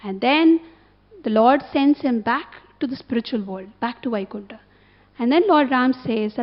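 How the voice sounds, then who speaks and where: A woman delivers a storytelling sermon in a high voice. She keeps drawing her listeners in with short tag questions. The recording is dull and lo-fi. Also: normal speed. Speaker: temple speaker.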